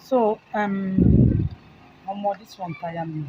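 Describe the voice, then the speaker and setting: Nigerian woman host over loud traffic. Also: mid-range voice, slow pace, phone-quality sound. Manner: soothing, reassuring. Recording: loud street noise with traffic.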